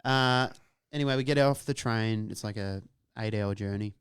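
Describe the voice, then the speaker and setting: A man hosting a podcast, telling a story in a casual, animated way and swearing freely. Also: on the low side, normal speed, clear, resonant tone, no room sound, studio quality. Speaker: podcast host.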